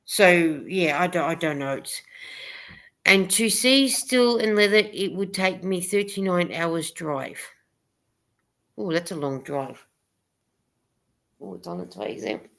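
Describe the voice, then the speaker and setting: A woman's voice: fairly low pitch, expressive, a little slow, pauses often, a bit bright. A woman hosting a casual livestream chat, rambling a little and reading viewer comments aloud. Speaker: host of a live chat stream.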